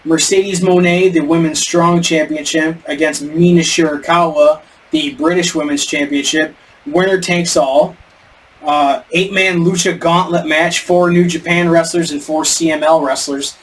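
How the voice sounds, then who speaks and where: A man's voice: on the high side, steady tone, unhurried. A man co-hosting a podcast in casual chat, rambling and stumbling over names. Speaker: podcast co-host. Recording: distant mic with faint background noise.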